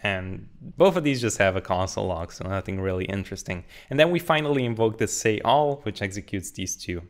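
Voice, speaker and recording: A man's voice: on the low side, animated, a little fast. Upbeat young man teaching code. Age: 20s. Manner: upbeat, joking, explains while typing. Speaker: programming tutor. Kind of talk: casual coding tutorial. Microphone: studio condenser mic.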